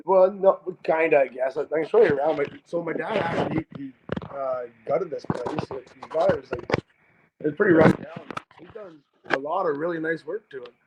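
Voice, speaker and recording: In a relaxed video call interview, a Canadian-accented guest artist talks at a brisk clip in a fairly high male voice, swearing freely and tripping over restarts. The lo-fi call audio is muffled and very noisy.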